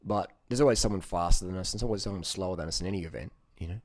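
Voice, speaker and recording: A man's voice: low voice, very fast, dry recording, studio quality. A man talking in a casual, rambling monologue, blunt and profane, with lots of "you know" fillers. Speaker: vlogger giving diet advice.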